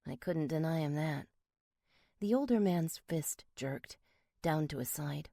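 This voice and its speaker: Low-voiced woman narrating a romance. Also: expressive, a little slow, gravelly, mellow, no room sound, studio quality. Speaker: audiobook narrator. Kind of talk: first-person romance narration.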